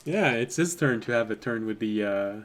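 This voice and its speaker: A man narrating as game master of a tabletop game, relaxed and laughing often. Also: medium pitch, moderate pace, faint music behind.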